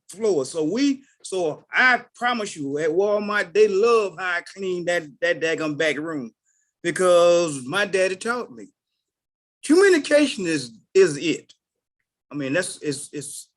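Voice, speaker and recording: A man, telling stories on a group call in an animated way, dropping low then bursting out loud. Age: 60s. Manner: animated, swings between low mutters and loud outbursts. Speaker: call participant sharing a story. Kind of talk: casual storytelling.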